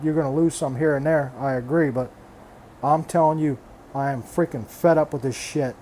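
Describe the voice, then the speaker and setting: With a little hiss or hum in the recording, an older man's slightly high, mellow voice vents on his reef aquarium hobby vlog. He's blunt and exasperated, swearing freely, repeating himself and restarting phrases in a casual, frustrated rant.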